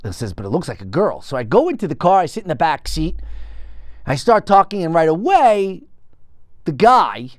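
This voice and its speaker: A man hosting his own show, telling a rambling story in a casual, animated monologue with frequent restarts. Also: a little high, normal speed, no echo, studio quality. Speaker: podcast host.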